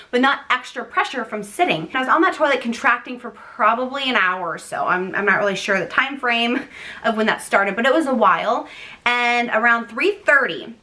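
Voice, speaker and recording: A young woman telling a personal story to her vlog audience in a chatty, animated way, with frequent "like" and laughing asides. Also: fairly high pitch. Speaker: vlogger, first-time mom. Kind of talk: casual storytelling to camera.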